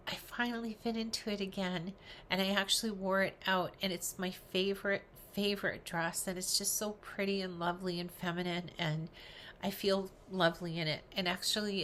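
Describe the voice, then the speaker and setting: Older woman vlogger, slightly low voice, earnest and encouraging in casual to-camera chat. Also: fairly bright tone, slight background noise. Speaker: weight loss vlogger. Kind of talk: casual direct-to-camera talk.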